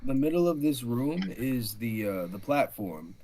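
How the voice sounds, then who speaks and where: A man's voice: mid-range voice, sing-song, measured pace, mellow, slight background noise. A man running a tabletop game as dungeon master, describing scenes with frequent fillers.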